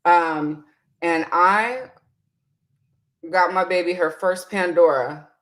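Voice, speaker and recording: Brief: unhurried woman vlogger, somewhat low voice, casual and chatty. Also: fairly bright tone. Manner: chatty, reads viewer comments aloud, laughs often. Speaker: beauty vlogger. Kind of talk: casual makeup tutorial chat.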